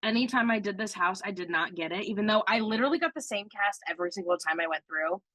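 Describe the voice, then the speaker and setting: A woman co-hosting a podcast, gushing and excitable as she tells stories in casual chat. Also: medium pitch, fast, no echo. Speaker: podcast co-host.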